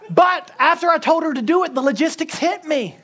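A man preaching a sermon, telling a story with humor and quick chuckles. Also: extremely high pitch, expressive, a bit bright. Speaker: pastor.

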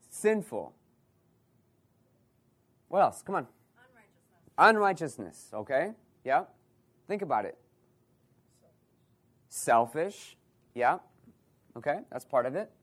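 A man's voice: mid-range voice, a bit bright, slightly rough. A male pastor preaches to his congregation. He asks rhetorical questions, repeats key phrases and often restarts a thought mid-sentence. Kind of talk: sermon.

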